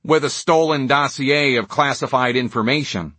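A nasal political fixer looms and threatens in a cold, level tone, as an audiobook narrator puts him on. His husky, dry voice gives quiet menace to the lines of this storybook villain. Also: medium pitch, moderate pace, dry recording. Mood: menacing.

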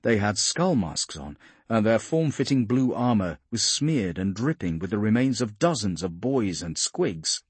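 Husky low-voiced male narrator. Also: sing-song, measured pace, no echo. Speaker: audiobook narrator. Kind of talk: scripted audiobook narration.

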